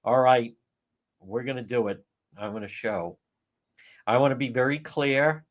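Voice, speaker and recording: A man hosting a casual livestream, ranting in an animated, profane way. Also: mid-range voice, a little slow. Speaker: livestream host.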